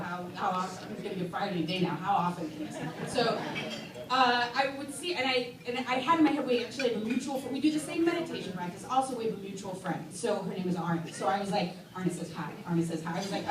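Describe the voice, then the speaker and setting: A woman performing a stand-up comedy set, telling an animated story and jumping into high squealing voices for quotes. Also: heavy reverb. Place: comedy club stage. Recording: distant mic in a noisy comedy club with loud crowd. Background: audience laughter.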